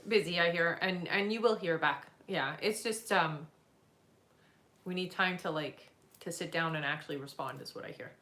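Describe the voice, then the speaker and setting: Bright-voiced woman giving gentle psychic answers. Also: fairly low pitch, moderate pace, reverberant. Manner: gentle, reassuring, hesitant with fillers. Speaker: psychic reader. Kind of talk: live question-and-answer reading.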